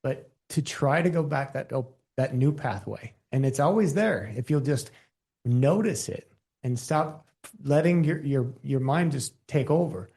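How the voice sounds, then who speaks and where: A man in a middle-pitched voice hosts a podcast and talks casually. His speech is personal and full of restarts. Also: expressive, measured pace, vocal fry, mellow. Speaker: podcast host. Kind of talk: casual conversation.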